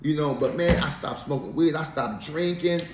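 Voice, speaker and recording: Guy telling his story all animated and slangy, kinda high voice, echoey room. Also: moderate pace. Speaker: interview guest. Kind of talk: casual storytelling interview. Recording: echoey room, faint background noise.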